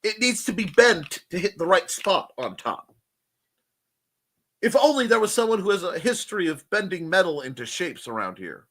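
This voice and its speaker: Animated, playful man hosting a chat show. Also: high-pitched, moderate pace. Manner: playful, slips into silly voices. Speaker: host. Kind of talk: casual live-show chat.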